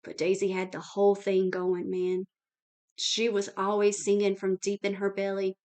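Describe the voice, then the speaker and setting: A woman's voice: mid-range voice, monotone, normal speed, darkish tone, clear, resonant tone, close to an everyday voice. A woman reading the casual lines of a laid-back young male band frontman.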